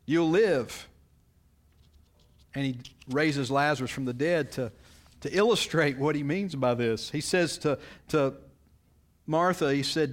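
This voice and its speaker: An unhurried pastor with a slightly high voice leaves long pauses as he reads scripture and explains it. His expository sermon often turns to the congregation with rhetorical questions.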